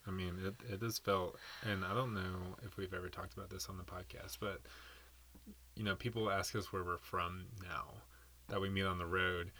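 A man's voice: deep voice, level tone, normal speed, sharp tone. A man in his thirties from Nashville, co-hosting a podcast in casual chat, rambling and playful. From Nashville, Tennessee. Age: 30s. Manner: rambling, playful, laughs often. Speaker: podcast co-host.

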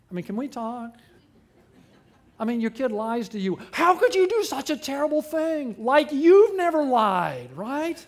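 High-voiced, animated male preacher. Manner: animated preaching with big pitch swings and drops. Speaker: pastor. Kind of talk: sermon.

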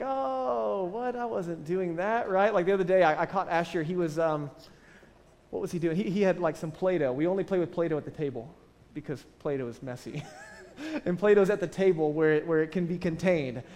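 Fast-talking, high-voiced man preaching. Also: long reverb tail. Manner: conversational, animated preaching with frequent "right?" asides. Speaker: pastor. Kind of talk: sermon.

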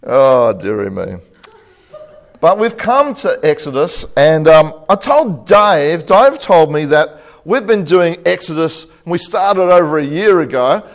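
A man's voice: fairly high pitch, sing-song, slow. A man preaching a sermon, telling a joke and laughing at his own punchlines. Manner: jokey storyteller, chuckles at own jokes.

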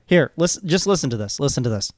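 A man's voice: a little high, big pitch swings, fast talker, no echo. A man hosting a casual podcast chat, teasing his co-hosts and laughing often. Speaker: podcast host. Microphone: studio microphone.

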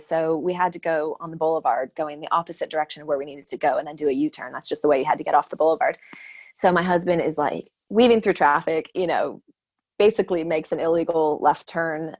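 A woman in her thirties telling a story in casual chat, animated and laughing often, acting out the voices she quotes. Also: sits low. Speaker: guest sharing her birth stories.

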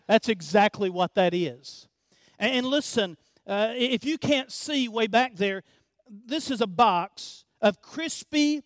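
A man's voice: sits high, a bit bright, no room sound. A male pastor preaching a sermon, emphatic and repetitive, speaking directly to his congregation.

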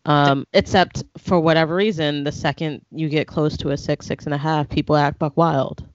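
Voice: mid-range voice, fairly even intonation, moderate pace, no echo. A co-host with a laid-back manner, chatting casually about sneakers with slang and swearing. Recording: dull, lo-fi sound.

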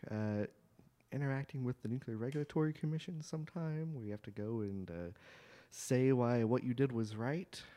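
A man with a Pittsburgh accent, a guest on a casual interview podcast, who speaks in a quiet, measured, understated way with some hesitant fillers. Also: mid-range voice. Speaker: guest, improviser and nuclear engineer.

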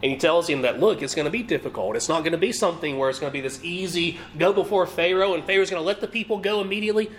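A man's voice: fairly high pitch, racing, few pauses, a little hiss or hum. A man preaching a sermon, walking through a scripture passage, asking the listeners questions and acting out what the characters say. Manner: animated, rhetorical questions, acts out quotes. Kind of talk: sermon teaching.

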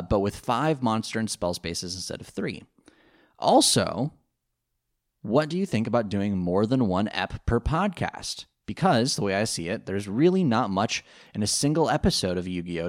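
Male podcast co-host, lower voice, loose rambling chat full of fillers. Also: big pitch swings, moderate pace. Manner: rambling, many fillers and restarts, laughs easily. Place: home.

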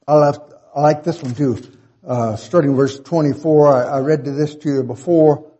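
A man's voice: on the high side, normal speed, mellow, dull audio. A man preaching a Bible-teaching sermon, reading verses aloud and repeating key points for emphasis.

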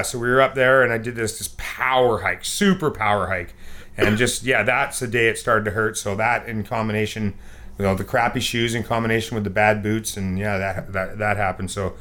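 Bright-voiced man telling a fishing story. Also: mid-range voice. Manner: animated storyteller, acts out sounds and quotes. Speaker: podcast co-host. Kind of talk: casual storytelling chat.

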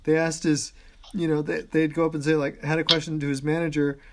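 Male podcast host, slightly high voice, chatty and laughing, halting storyteller. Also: little pitch movement. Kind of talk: casual podcast chat.

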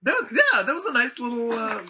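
A man co-hosting a casual film review podcast, analytical, with a husky voice and lots of fillers. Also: extremely high pitch, very animated, brisk, sharp tone, slight background noise. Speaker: podcast co-host. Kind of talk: casual movie review chat.

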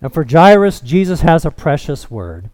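A man preaching a sermon, expounding scripture in an emphatic, deliberate way. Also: fairly high pitch, big pitch swings, darkish tone, no echo. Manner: slow, emphatic expository preaching.

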